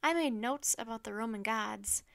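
A woman voicing a curious, lively young girl who talks eagerly and a bit louder. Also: a little high, moderate pace, gravelly.

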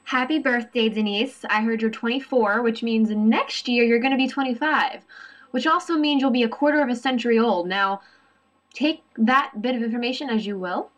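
A woman's voice: fairly high pitch, moderate pace, a bit bright, distant mic, lo-fi sound. A woman teasing a friend in a birthday video message. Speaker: vlogger sending a birthday message. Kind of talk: teasing casual webcam message.

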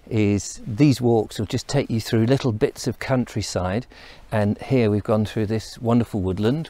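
A man's voice: on the low side, mellow. A middle-aged man from England vlogging outdoors while walking through countryside and woodland, chatty and enthusiastic, wandering off into asides. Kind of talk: casual outdoor walking vlog.

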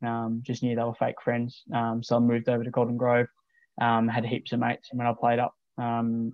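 Laid-back Australian teen, flat-voiced. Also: male voice, mid-range voice, vocal fry, no room sound. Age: late teens. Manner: laid-back, many ums and restarts. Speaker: guest, junior footballer. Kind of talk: casual interview chat. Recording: dull lo-fi dry recording.

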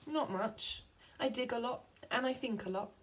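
A woman voicing a lost, thoughtful little male wombat in a read-aloud picture book, with meek, drawn-out replies. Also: a little high, natural voice.

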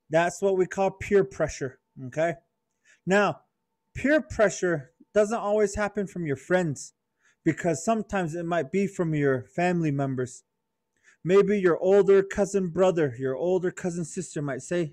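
A man telling a moral story to children at a youth conference, animated, and calling on listeners by name. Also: sits high, a little slow.

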